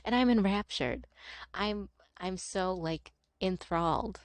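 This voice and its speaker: A woman's voice: mid-range voice, takes it slowly, dry recording. A young woman streamer chatting casually while she plays, rambling and swearing with frequent laughter. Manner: rambling, profane, laughing often. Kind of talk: casual chat while gaming.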